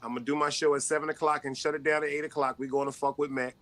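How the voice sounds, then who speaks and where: A man hosting his own live stream show. He talks quickly in a higher register, hyping up his guests and shouting them out. His delivery is casual and full of energy. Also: level tone. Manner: hyped, shouts people out. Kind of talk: casual chat.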